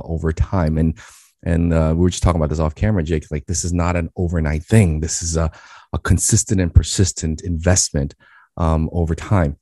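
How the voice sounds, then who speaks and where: A business speaker from Queens, New York, appears as a guest on a podcast, telling a story in an animated way full of restarts. His voice is very low and deep, and the recording is close and dry with no room sound.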